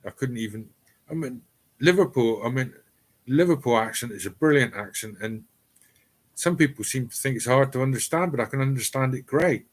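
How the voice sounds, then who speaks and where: Speaking at a normal pace with an expressive, medium-pitched voice, this middle-aged East Cornishman chats on a live stream broadcast from his home cellar. He wanders from topic to topic, reads viewers' comments aloud, and keeps stumbling into ums and fresh starts.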